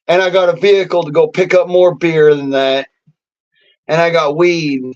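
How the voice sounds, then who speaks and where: A man on a bitter, profanity-laden rant, his voice sitting high for a man. He drags his words out slowly and keeps cursing as he airs his grievances. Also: dull audio. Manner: bitter, cursing constantly, swings into hoarse yelling. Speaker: vlogger.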